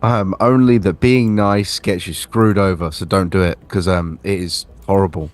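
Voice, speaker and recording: A man player giving a deadpan, mock-cynical plug at the end of a game stream. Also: low voice, moderate pace.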